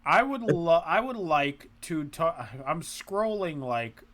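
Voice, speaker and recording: Lively man teasing his co-host. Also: a little high, takes it slowly. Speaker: podcast co-host. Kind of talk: casual chat.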